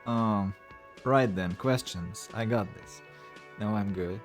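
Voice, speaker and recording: A man's voice: fairly low pitch, takes it slowly. A man streaming a video game, casually reading its narration and dialogue aloud and commenting, with faint game music behind.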